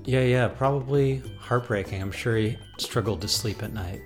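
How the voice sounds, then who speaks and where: A comedy podcast co-host trading quick sarcastic quips. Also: medium pitch, soft background music. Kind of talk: comedy banter.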